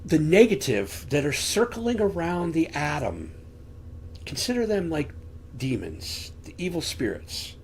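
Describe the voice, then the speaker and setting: A man's voice: a little high, big pitch swings, measured pace, a little hiss or hum. A man giving an earnest, conversational Bible teaching from a room at home, asking rhetorical questions into a desk microphone. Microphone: desk microphone on camera.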